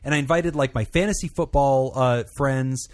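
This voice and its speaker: A man's voice: medium pitch, moderate pace, a little mellow, no room sound, clean studio sound. A man hosting a podcast, telling a long rambling story in casual chat with many fillers. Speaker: podcast host and therapist.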